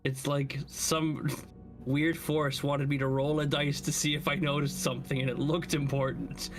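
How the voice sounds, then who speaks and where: Higher-voiced guy playing a tabletop game, joking around, music behind. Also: flat delivery, measured pace. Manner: playful, giggly. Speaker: player. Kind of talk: casual tabletop game chat.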